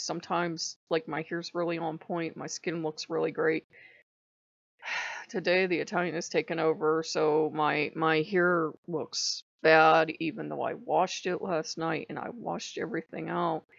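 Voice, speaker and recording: A woman with a fairly low voice rambles through a casual vlog, cursing freely and laughing often. The sound is dull and lo-fi, dry with no room around it. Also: creaky, no echo. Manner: profane, animated, laughs often. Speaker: channel host. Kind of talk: casual spiritual vlog monologue.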